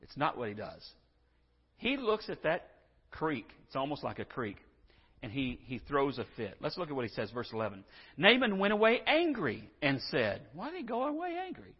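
A pastor preaching with a high, lively voice that leaps around as he acts out the story. His voice is a little husky, and the muffled recording carries the long reverb of a church hall. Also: moderate pace. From Texas. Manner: animated storytelling, acts out scripture figures. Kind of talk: sermon.

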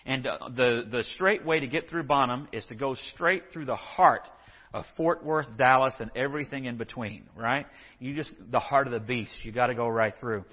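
Folksy husky-voiced Texas preacher. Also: male voice, mid-range voice, moderate pace, long reverb tail, muffled recording. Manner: folksy, joking asides, acts out scripture dialogue. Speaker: pastor. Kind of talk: sermon.

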